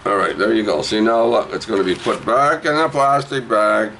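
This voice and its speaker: Low-voiced man hawking a comic book. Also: normal speed, vocal fry, slight background noise, poor audio. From Canada. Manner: jokey, rambling, swings from low mutters to loud hype. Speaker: vlogger auctioning a comic book. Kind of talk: rambling casual sales pitch.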